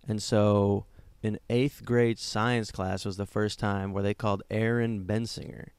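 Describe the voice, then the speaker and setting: A man's voice: on the low side, flat delivery, a little slow, a little mellow, smooth, no echo. A man co-hosting a casual comedy podcast, telling self-mocking stories in a joking way. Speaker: podcast co-host.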